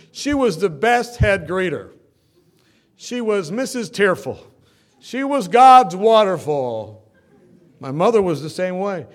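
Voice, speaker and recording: A man preaching a sermon as pastor, swinging from loud emphatic bursts to soft storytelling. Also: fairly high pitch.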